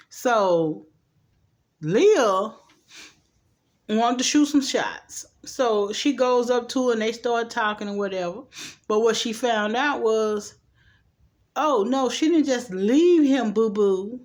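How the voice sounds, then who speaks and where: A woman recapping a TV episode in casual chat, sassy and playful, tossing in asides and acting out the characters' lines. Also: medium pitch. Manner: chatty and sassy, quick asides like "child" and "boo"; acts out the characters' lines in quick changes of voice. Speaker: TV recap host.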